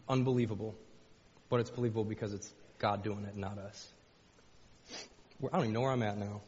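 A man's voice: lowish voice, steady tone, brisk, long pauses, darkish tone. A man preaching a sermon as pastor, folksy, repeating phrases and rising into fervent pleading. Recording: dull lo-fi sound with long hall reverb.

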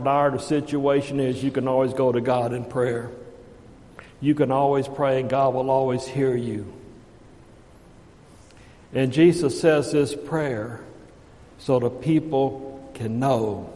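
A man preaching a sermon, folksy and shifting from hushed asides to loud calls. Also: mid-range voice, in a large hall.

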